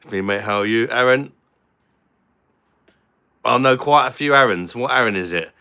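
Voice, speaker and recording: A man's voice: medium pitch, moderate pace, creaky, sharp tone, clean tone. A young Englishman hosting a casual live stream, chatting and joking with viewers as he reads their comments. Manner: chatty and jokey, swears casually.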